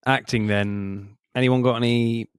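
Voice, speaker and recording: A man's voice: mid-range voice, fairly even intonation, a little slow, clean tone, no echo. Easygoing male host, dry close mic. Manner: easygoing, asks the questions. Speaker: podcast host. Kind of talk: casual podcast chat.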